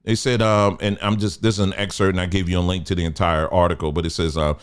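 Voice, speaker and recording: A livestream host delivers commentary emphatically, repeating his points and asking rhetorical questions. His voice sits low with little pitch movement, and he talks quickly. The audio is clean.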